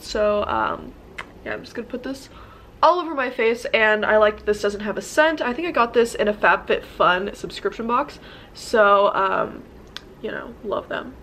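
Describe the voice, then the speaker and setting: Stuffed up and nasal from a cold, this young woman rambles chattily and pokes fun at herself while walking through her makeup in a casual get-ready-with-me vlog. Her pitch is fairly high and a bit bright, with slight background noise.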